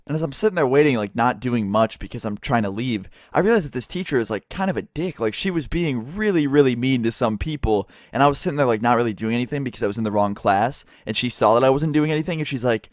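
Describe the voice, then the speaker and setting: A man's voice: mid-range voice, fast talker, few pauses, no echo, studio quality. A young man telling a casual storytime vlog, exasperated and swearing often. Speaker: vlogger.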